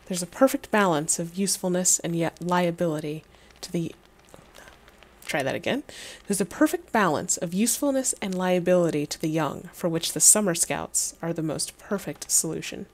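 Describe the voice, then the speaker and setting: A woman's voice: fairly low pitch, moderate pace. Wry woman reading a game on stream. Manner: wry, laughing, swearing asides.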